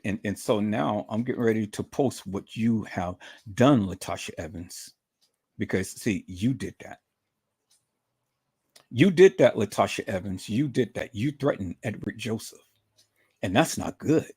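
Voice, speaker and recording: A livestream host with a lowish, husky voice taunts a rival repetitively while greeting viewers in the chat.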